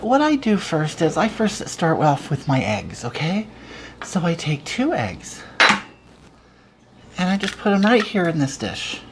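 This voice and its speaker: A self-styled glamorous home cook, played by a woman with a low voice that swoops wildly up and down. She rambles on with theatrical, sing-song emphasis while hosting a comedic cooking show. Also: a little mellow, a little hiss or hum.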